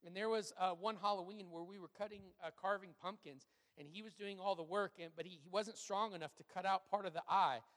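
Brief: male pastor, higher voice, chatty sermon Q&A, lively storyteller, lots of ums, long hall reverb. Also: fairly quick, few pauses. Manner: conversational, animated storytelling with frequent fillers. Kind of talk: sermon Q&A with personal stories.

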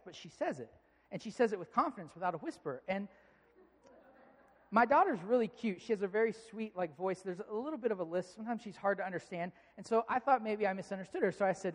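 A man in his thirties preaching a sermon, telling family stories in a relaxed, conversational way. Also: high voice. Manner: conversational, storytelling, animated when amused. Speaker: pastor. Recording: long reverb of a large hall.

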